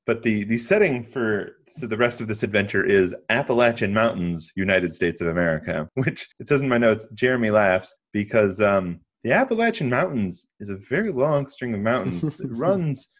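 Lowish guy chatting about a movie, laughs a lot, lots of restarts. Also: lively intonation, normal speed, few pauses. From lived in Western North Carolina. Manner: laughs often, rambling with restarts. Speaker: podcast host recapping a film. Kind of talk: casual chat.

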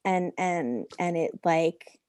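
A woman hosting a casual conversation, responding warmly and with empathy, full of restarts and fillers. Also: fairly low pitch, slow, a crowd in the background. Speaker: host. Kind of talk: casual chat.

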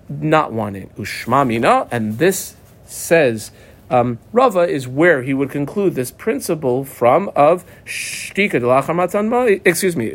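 Male Talmud teacher, reading, lively and somewhat high-pitched, reads then translates. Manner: reads Aramaic text then translates, animated, marks up the text aloud. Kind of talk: daf yomi Gemara class.

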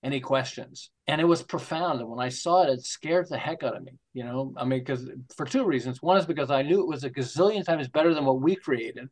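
A man in his sixties from Montreal, an author answering interview questions with lively stories and acted-out voices. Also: a little high, brisk, hardly any pauses. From Canada, Montreal. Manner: animated storyteller acting out quoted voices. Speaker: guest author.

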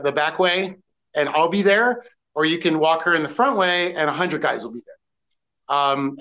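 A man with a slightly raised voice recalls his paparazzi years in a relaxed chat. He keeps stopping and restarting his sentences, and the recording sounds somewhat dull. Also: sits high. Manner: halting, many fillers and restarts. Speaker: former paparazzi photographer guest. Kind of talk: casual podcast storytelling.

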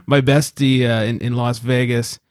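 Male podcast co-host, mid-pitched, profane and animated, dry close mic. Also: moderate pace, dry recording. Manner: profane, animated storyteller acting out quotes. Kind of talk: casual chat.

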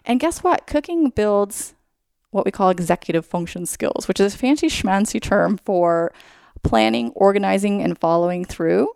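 Gravelly-voiced woman explaining with everyday examples. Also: mid-range voice, animated, moderate pace, darkish tone, no room sound, studio quality. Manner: upbeat, explains with everyday examples, frequent "like" and "you know". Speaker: guest school psychologist. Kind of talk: casual interview talk.

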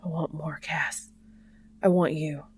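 A man's voice: on the high side, moderate pace, creaky. A woman voicing an overwhelmed young man who gasps, stutters and pleads breathlessly. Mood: breathless pleading.

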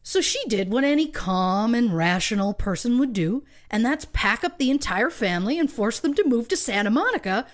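A woman's voice: a little high, lively intonation, moderate pace, few pauses. A woman co-hosting a podcast, telling a true crime story from her research with wry asides and light laughs. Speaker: podcast co-host.

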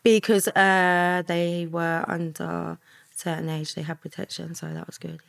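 A woman telling her story as a guest in a candid podcast interview, earnest and soft-spoken, often trailing off into quiet asides. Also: fairly low pitch, flat delivery, unhurried, vocal fry.

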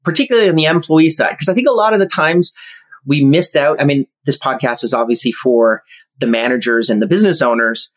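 A man who is an entrepreneur and podcast guest, explaining his views in a measured way. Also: medium pitch. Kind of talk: casual interview chat.

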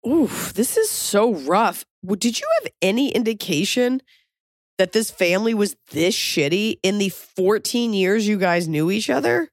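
A woman hosts an advice podcast in loose, casual chat, blunt and quick to swear. She fires off question after question. Her voice sits at a middle pitch, recorded close and dry with no room sound. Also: lively intonation, no echo. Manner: blunt, swears freely, riffs and asks rapid questions. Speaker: podcast host giving advice.

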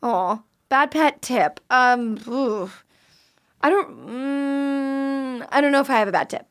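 Young woman host, high voice, chatty, laughs along easy. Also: animated, slow pace. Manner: chatty, easily amused. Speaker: podcast host. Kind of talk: casual chat.

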